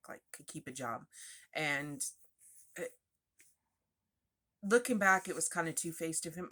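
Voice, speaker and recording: Woman, lowish voice, crisp and forceful, candid confessional storytelling. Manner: frank, confessional, chatty with asides. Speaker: vlogger sharing personal recovery story.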